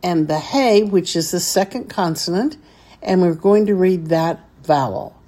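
A woman's voice: fairly low pitch, unhurried, warm tone. A woman teaching a beginners' Hebrew reading lesson, patiently sounding out each syllable step by step.

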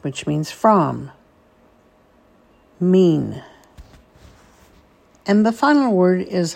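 A woman with a fairly low, creaky voice teaches a Hebrew blessing phrase by phrase. She patiently asks listeners to repeat after her, in slow call-and-repeat instruction.

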